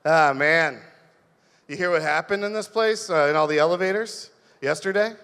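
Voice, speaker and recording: A comedian playing a blunt, oversharing neighbor who talks loudly and without a filter. His voice carries a long echoing reverb. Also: fairly high pitch, moderate pace, clean tone. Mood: gleeful. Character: gross, chatty male neighbor with a pug.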